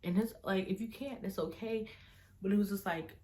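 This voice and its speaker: A woman's voice: mid-range voice, brisk, darkish tone. A young woman telling a story to her camera in a casual, chatty way, full of "like" and quoted back-and-forth. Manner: casual, fills speech with "like", retells dialogue in quoted voices. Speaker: vlogger.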